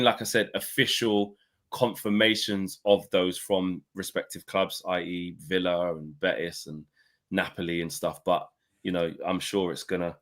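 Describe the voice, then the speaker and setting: A young man co-hosting a casual football chat, relaxed and slangy. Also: sits low. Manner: laid-back, slangy and conversational. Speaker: co-host.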